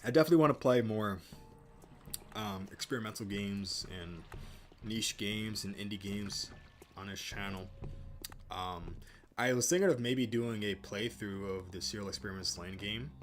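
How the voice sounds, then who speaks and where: Low-voiced man rambling through a game. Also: normal speed, soft background music. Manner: rambling, full of ums, likes and restarts. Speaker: let's play host. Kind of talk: casual gameplay commentary.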